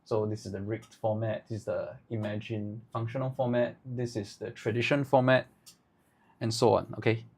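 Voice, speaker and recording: A man teaching ad writing live, thinking aloud in halting bursts and tagging his points with "right?". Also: mid-range voice. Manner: halting, with many restarts. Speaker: agency owner teaching ad writing.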